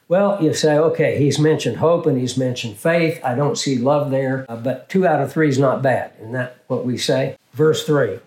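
An older male pastor teaching through a Bible passage in a measured way, often asking rhetorical questions. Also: medium pitch, darkish tone, roomy sound, poor audio.

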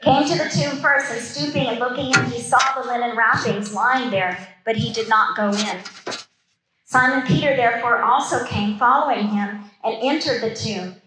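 A woman's voice: a little high, normal speed, pushed and bright, slight background noise. A woman giving a Bible study sermon, reading scripture aloud and breaking off to comment in casual, chatty asides. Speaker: Bible teacher. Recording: roomy echo.

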